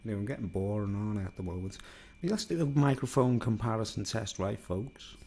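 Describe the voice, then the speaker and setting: A man with a Liverpool accent chatting casually to viewers from a home studio in a block of flats, rambling and self-mocking on a studio microphone. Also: lowish voice, fast talker, gravelly. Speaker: YouTuber. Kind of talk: casual chat to camera. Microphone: studio microphone, then a recorder's built-in mics.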